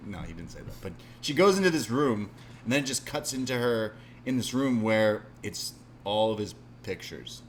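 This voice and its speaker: Animated man recapping wrestling. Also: on the low side, moderate pace, slight background noise. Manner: animated, acts out quotes in silly voices. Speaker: podcast co-host. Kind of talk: casual wrestling recap chat.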